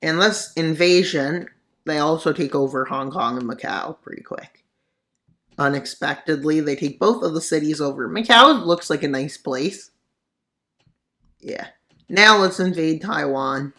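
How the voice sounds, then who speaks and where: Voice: medium pitch, a little slow, sharp tone. A mapping video narrator giving casual commentary on a war scenario, full of sarcastic, rambling asides.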